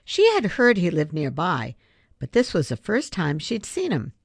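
A woman reads a children's chapter book aloud in a low voice. Her delivery is expressive, with lively rises and falls of pitch. The recording is dry and close. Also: normal speed, creaky, breathy edge, no room sound. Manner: expressive, storytelling. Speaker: reader.

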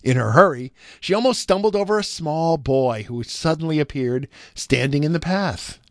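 A man reading a storybook aloud with an expressive, measured delivery. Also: fairly high pitch, no echo, studio quality.

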